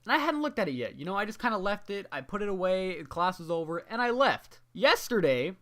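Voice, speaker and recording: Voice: mid-range voice, big pitch swings, fairly quick, a bit bright. A young adult student ranting to the camera in a vlog, exasperated and profane, with constant "you know" fillers. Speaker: student venting about a graded paper.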